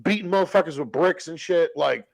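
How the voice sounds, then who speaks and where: A man telling rough stories as a podcast guest, in blunt, profane street slang. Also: a little high, a little fast. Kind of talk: casual storytelling.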